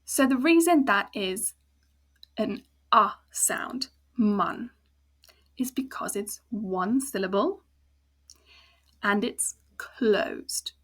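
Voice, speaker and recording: Slow, patient South African woman teacher. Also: mid-range voice, fairly bright tone, breathy edge. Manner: patient, slow explaining with spelled-out sounds. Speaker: language teacher. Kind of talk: casual spoken lesson.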